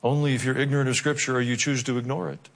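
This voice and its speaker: A man's voice: medium pitch, flat delivery, quick pace, vocal fry, big-room sound. A man preaching a sermon, reading scripture aloud and breaking off into humorous asides and mock voices. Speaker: pastor.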